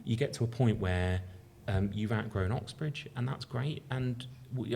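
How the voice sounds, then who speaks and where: A man with a Birmingham accent, a company founder talking things through on a casual podcast, relaxed and thinking aloud with fillers and restarts. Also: mid-range voice, measured pace, creaky, breathy edge. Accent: Birmingham English. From England. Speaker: company founder being interviewed.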